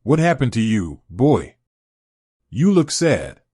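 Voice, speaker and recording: A man reading aloud and voicing a kindly, nosy old man in his eighties with a gentle elderly voice. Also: medium pitch, very animated, slow pace, breathy edge, no echo, studio quality, heavily acted. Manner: gentle, elderly, given to hearty laughs.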